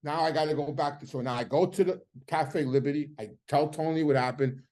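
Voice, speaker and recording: A middle-aged man tells a story in a casual, animated way. His voice sits a little high for a man. He gets louder and sharper when he acts out the arguments. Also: brisk. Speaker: host telling a story.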